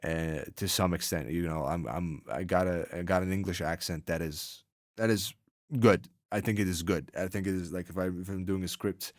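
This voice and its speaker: A man's voice: sits low, steady tone, normal speed, dry recording, clean studio sound. An eighteen-year-old man with a North American accent whose first language is Arabic, hosting a podcast in a rambling, filler-heavy chat. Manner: rambling, many fillers and restarts, laughs often. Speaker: podcast host. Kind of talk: casual interview chat.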